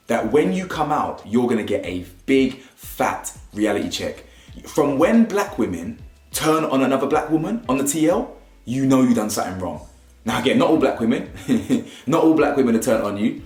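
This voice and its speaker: A man giving casual, opinionated commentary on a reality show, animated and mocking, often asking "yeah?". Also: medium pitch. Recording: echoey room.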